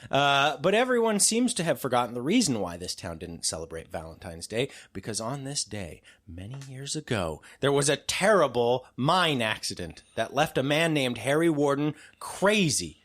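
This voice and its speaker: A man's voice: mid-range voice, sing-song, normal speed, hardly any pauses, a bit bright. A man hosting a podcast in casual chat, loose and joking, with lots of fillers. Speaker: podcast host.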